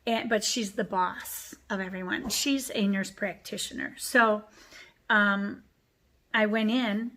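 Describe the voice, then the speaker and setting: Female vlogger, middle-aged, mid-pitched, emotional storytime delivery with quoted dialogue. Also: fairly even intonation, takes it slowly, bright, forceful tone. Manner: emotional, retelling conversations with quoted voices. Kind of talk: personal storytime chat.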